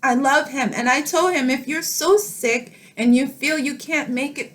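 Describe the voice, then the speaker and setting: A middle-aged woman speaking to camera in a tender, emotional personal vlog, laughing softly through tears as she talks. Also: high voice, measured pace, hardly any pauses. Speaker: vlogger.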